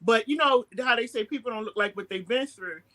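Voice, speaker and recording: A woman's voice: on the high side, fairly quick, a bit bright. A woman with a Baltimore accent hosting a talk show, speaking earnestly and reflectively. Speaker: host.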